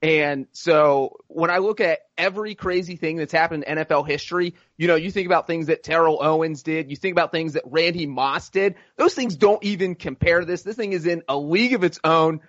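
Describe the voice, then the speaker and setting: A man co-hosting a casual sports podcast, cracking deadpan jokes and ranting. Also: on the high side, brisk, few pauses, dry recording, dull audio. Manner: deadpan jokes, animated rants. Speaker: podcast co-host, football writer.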